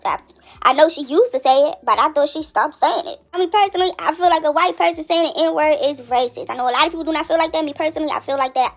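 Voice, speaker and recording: A woman giving casual commentary on a reality show, chatty and quick to react, full of rhetorical questions. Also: sits high.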